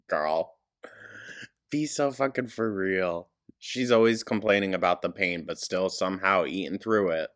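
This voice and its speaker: Deep-voiced man with mocking commentary. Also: fairly bright tone. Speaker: reaction commentator. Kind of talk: sarcastic reaction commentary.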